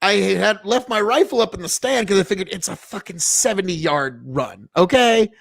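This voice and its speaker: Host, male, from Nebraska. Rambling, swears constantly, high gravelly voice, close dry sound. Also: expressive, normal speed, no echo. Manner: profane, rambling storyteller. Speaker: podcast host. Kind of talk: casual chat.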